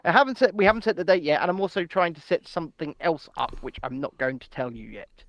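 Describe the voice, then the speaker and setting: A man co-hosting an irreverent news chat show, loud, jokey and swearing. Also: fairly high pitch, expressive, fast talker, no room sound. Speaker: podcast co-host.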